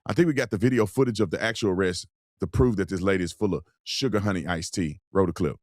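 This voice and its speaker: A man's voice: deep voice, fast talker, no room sound, clean studio sound. A man hosting a commentary show, talking bluntly and emphatically in a colloquial way. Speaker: host. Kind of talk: political commentary with ad read.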